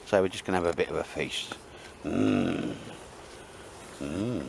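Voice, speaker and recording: A man's voice: deep voice, fairly even intonation, very fast, gravelly, background noise. A man chatting and joking with his mates outdoors at a woodland campfire, teasing them in a laddish way. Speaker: vlogger. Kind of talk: casual banter with friends.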